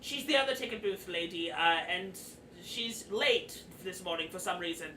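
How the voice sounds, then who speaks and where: A man's voice: high-pitched, normal speed, pushed and bright, roomy sound, distant mic, a little hiss or hum. A man voicing an overworked, grumpy male goblin ticket-taker who rants and swears. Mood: exasperated. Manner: exasperated, swearing.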